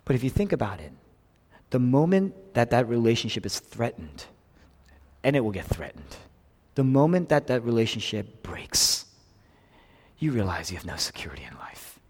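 A male pastor preaching with a lively, animated pitch, rising to loud emphasis and then dropping to near-hushed lines. His voice carries a long reverb, as if recorded in a big church sanctuary. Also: normal speed, long pauses, slightly rough. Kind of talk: sermon.

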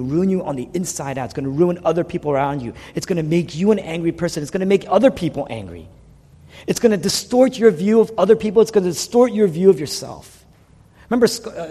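A man preaching a sermon in a worship hall, moving between loud, urgent passages and hushed near-whispers. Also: fairly high pitch, husky. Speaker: pastor.

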